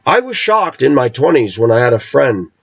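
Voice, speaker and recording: A man's voice: medium pitch, very animated, normal speed, creaky, slightly rough, no room sound, dull audio. A middle-aged man vlogging an opinionated monologue, talking with intensity and hard emphasis.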